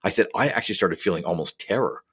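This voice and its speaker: Low husky man explaining at a fast clip. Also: lively intonation, a bit bright. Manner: rambling, filler-heavy explaining with tangents. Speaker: podcast co-host, psychologist. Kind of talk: casual podcast chat.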